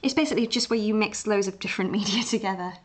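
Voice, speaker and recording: A woman's voice: mid-range voice, very fast. A young English woman with an Essex-tinged accent, chatting casually at home while she draws on a live stream, rambling with fillers and restarts. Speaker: livestream art host. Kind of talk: casual chat while drawing.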